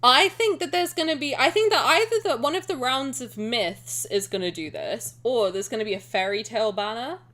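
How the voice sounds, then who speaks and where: A woman streamer chatting casually and excitably with her viewers, rambling and swearing now and then. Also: fairly high pitch, moderate pace, hardly any pauses. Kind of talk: casual live-stream chat.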